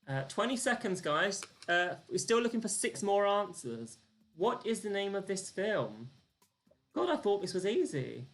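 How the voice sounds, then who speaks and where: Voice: mid-range voice, sing-song, a little slow, fairly bright tone, faint music behind. A live-streamed quiz host, chatty and self-deprecating, counting down the clock and reading out the answers and the leaderboard.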